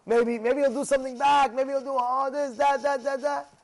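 A man's voice: very high voice, moderate pace. A man teaching a Torah lesson, telling stories with frequent laughs and questions to his listeners. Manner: lively storyteller who laughs often and asks questions.

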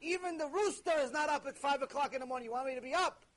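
A man's voice: very high voice, quick pace, fairly bright tone, pitched above the performer's own voice. A man voicing a complaining fellow who looks for ways out of his religious duties, in a whiny, pleading tone.

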